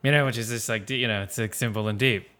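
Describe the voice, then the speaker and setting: A man's voice: lowish voice, steady tone, fast, pushed and bright. A man from the Philadelphia area co-hosting a movie podcast, chatting in an easygoing, agreeable way. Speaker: podcast co-host. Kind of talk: casual movie discussion.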